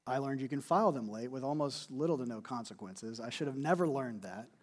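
A man preaching a sermon in an earnest, conversational way, repeating words for emphasis. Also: medium pitch. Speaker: pastor.

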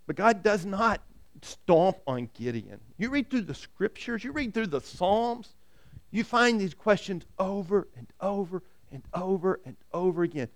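Animated preacher man, high voice. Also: measured pace. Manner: animated, acts out quoted voices, rhetorical questions. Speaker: pastor. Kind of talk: sermon.

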